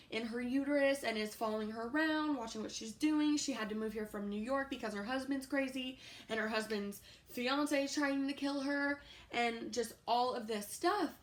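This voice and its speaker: A woman in her twenties telling a casual storytime vlog, animated and profane, rambling with many fillers. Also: a little high. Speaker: YouTuber.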